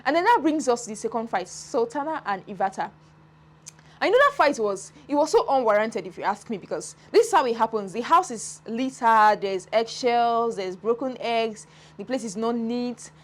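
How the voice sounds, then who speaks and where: Animated woman commentator. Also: on the high side, normal speed. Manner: animated, laughing, dramatic retellings. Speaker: entertainment commentator. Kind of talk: casual reality-show commentary.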